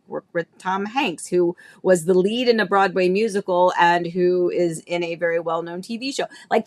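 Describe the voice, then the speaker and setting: A woman in her thirties hosting a casual livestream, talking in a chatty, rambling way with lots of fillers and restarts, nostalgic and emotional at times. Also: lowish voice. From Florida, US. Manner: emotional and nostalgic, laughing between tears. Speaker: realtor and livestream host.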